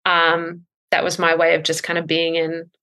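Low-voiced woman explaining breathwork. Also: completely flat delivery, moderate pace. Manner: thoughtful, explains with many ums and soft laughs. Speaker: breathwork coach. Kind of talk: podcast interview.

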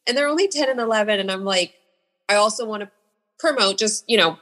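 A woman's voice: medium pitch, fast, a bit bright. A woman who works as an esthetician, chatting casually and laughing readily. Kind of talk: casual chat.

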